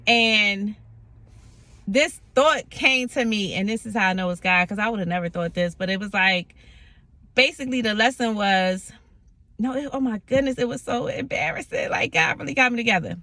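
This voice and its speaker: A woman tells a personal faith story straight to camera, animated and dramatic, slipping into other voices as she goes. Her voice is bright and forceful and sits a little high. The sound is dry and close, with no room echo. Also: normal speed. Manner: laughing, self-mocking. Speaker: vlogger sharing a faith testimony.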